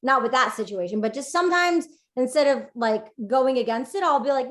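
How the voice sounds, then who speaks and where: A woman's voice: high voice, animated, brisk, few pauses, a bit bright. A woman guest on a podcast, a life coach, chatting casually in an upbeat, rambling way. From United States. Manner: rambling, upbeat, many fillers. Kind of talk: casual interview chat.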